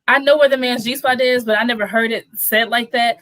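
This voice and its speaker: A woman guest speaks frankly in a casual podcast chat, her voice a little high. She sometimes pauses to search for words. The sound is dry and close. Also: steady tone, fairly bright tone, dry recording.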